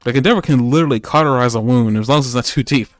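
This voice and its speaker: A podcast co-host recaps an anime episode in a mid-range, racing voice, rambling casually with many fillers and jokes. The studio-quality recording has no room sound, with soft music in the background.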